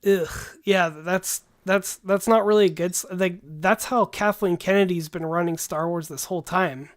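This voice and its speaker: A man's voice: sits high, fairly even intonation, moderate pace. A man hosting a livestream who talks in a casual, rambling way and calls people "dude". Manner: laid-back, rambling, says "dude" often. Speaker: livestream host.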